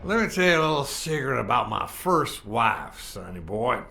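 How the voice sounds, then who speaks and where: A man's voice: medium pitch, sing-song, normal speed, vocal fry, pushed and bright, full character voice. A man voicing a brash, folksy, boisterous figure in a game set in 1950s New York. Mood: boastful. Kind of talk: video game voice acting.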